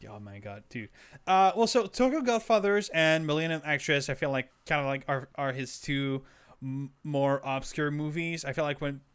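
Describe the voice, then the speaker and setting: A man's voice: a little high, moderate pace, clean tone. A young man from Quebec co-hosting a casual movie podcast, rambling with many fillers and restarts. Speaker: podcast co-host. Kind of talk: casual chat.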